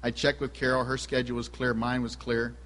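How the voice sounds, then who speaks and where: A man's voice: medium pitch, flat delivery, a little fast, fairly bright tone. A man preaching a sermon, telling a personal story and putting questions to the congregation. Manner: asks the audience questions. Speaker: pastor. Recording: long hall reverb.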